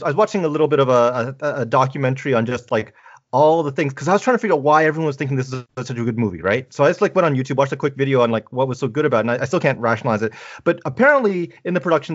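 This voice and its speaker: A man's voice: mid-range voice, muffled recording. A man co-hosting a podcast in casual chat, rambling and correcting himself as he retells a film plot. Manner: rambling, self-correcting storyteller. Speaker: podcast co-host.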